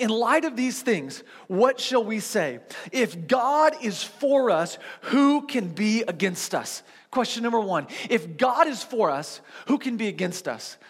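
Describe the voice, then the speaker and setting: A man preaching a sermon as pastor to a seated church congregation, in a conversational, animated storytelling manner with frequent restarts. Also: high voice, long reverb tail.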